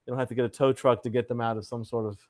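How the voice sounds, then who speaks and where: A man's voice: mid-range voice, level tone, racing. Playful man hosting a live chat. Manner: playful showman greetings, reads viewer comments aloud. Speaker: livestream host. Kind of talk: casual live chat show.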